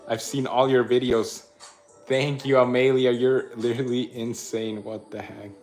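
A man's voice: mid-range voice, level tone, moderate pace, darkish tone, faint music behind. A young man hosting a casual livestream, chatting and laughing as he reads out viewer comments and thanks them. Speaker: livestream host reading chat.

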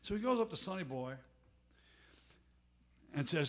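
A man's voice: a little high, lively intonation, moderate pace, long pauses. A man, a bandleader at a live gig, telling a long anecdote between songs in a rambling, conversational way, full of asides, recorded on a stage microphone in a music club. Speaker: bandleader and harmonica player.

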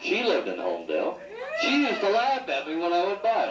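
Against a noisy background in an anniversary party room, a middle-aged man gives a son's toast full of rambling, teasing jokes, laughing at his own stories. His voice is a little high and brisk with huge pitch swings, heard via echoey 1980s home video from a distance.

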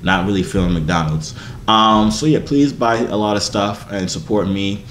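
A man's voice: fairly low pitch, normal speed, fairly bright tone. Playful, teasing young man in an echoey room. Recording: echoey room, faint background hiss.

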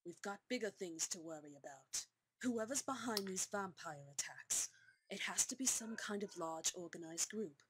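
A woman's voice: mid-range voice, animated, moderate pace, fairly bright tone, breathy edge, rough recording. An actress playing a stern, foul-mouthed female commander who gives curt orders.

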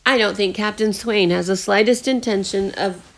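A woman's voice: mid-range voice, normal speed, natural voice. Polite English butler in a storybook read-aloud, voiced by a woman, formal and precise. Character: polite English male butler, calm and clever.

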